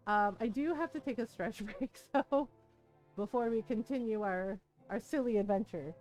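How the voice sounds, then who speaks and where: Middle-aged lady streamer, kinda high voice, chatty and laughy, cusses a lot, soft music under her. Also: normal speed, highs cut off. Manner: animated, laughing storyteller, swears freely; gentle and encouraging when giving stream notices. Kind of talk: casual chat while streaming a game.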